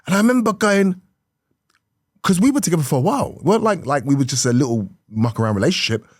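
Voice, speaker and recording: A middle-aged man, a comedian telling an animated story in conversation, swinging from hushed to loud and laughing often. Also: a little high, fast talker, no echo, studio quality. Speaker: comedian guest.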